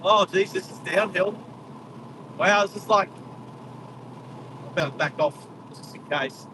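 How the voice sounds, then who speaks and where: A man's voice: sits high, a little slow. An Australian man hosting a live driving stream, chatting casually and calling out wildlife as he drives through the country. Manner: chatty, exclaims at wildlife, talks to live chat. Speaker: driving livestream host. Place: inside a moving car on a country road. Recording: distant car mic with road noise.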